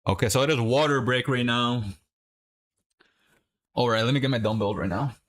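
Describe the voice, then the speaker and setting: A young man chatting casually while watching a match live and coaching viewers through a quick workout. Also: mid-range voice, fairly bright tone. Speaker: livestream host. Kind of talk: casual watch-along chat.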